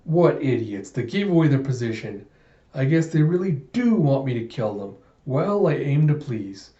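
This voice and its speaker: Man doing a cocky soldier captain, smug, boastful, dark voice. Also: mid-range voice, sing-song, normal speed, roomy sound, highs cut off, natural voice.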